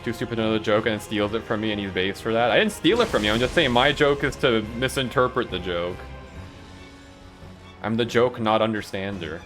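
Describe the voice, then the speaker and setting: A man's voice: on the low side, fairly quick, fairly bright tone, faint music behind. Rambling man telling stories while gaming. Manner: rambling, laughs often, lots of "like". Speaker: streamer. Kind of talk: casual storytelling while gaming.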